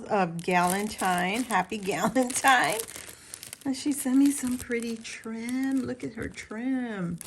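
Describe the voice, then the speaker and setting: A woman hosting her own craft channel, chatting casually and gushing over items as she unboxes them, now and then clearing her throat. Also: mid-range voice, background noise. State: recovering from illness, clears throat.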